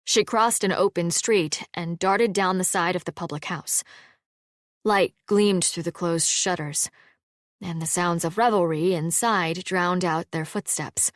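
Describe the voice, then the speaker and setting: A woman reading an audiobook in an even, measured storytelling voice. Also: lowish voice, dry recording, studio quality. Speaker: audiobook narrator. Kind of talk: scripted narration.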